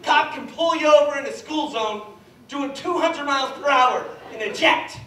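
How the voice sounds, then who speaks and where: High-voiced man doing stand-up on stage. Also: normal speed, far from the mic. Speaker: stand-up comedian. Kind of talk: stand-up comedy set. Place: theater stage with live audience. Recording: echoey theater heard from afar, audience noise.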